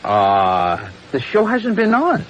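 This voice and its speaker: A male comedian guesting on a radio show, telling mock-serious, deadpan jokes. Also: high-pitched, slow pace, highs cut off, slight background noise. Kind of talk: comic radio banter. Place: radio studio.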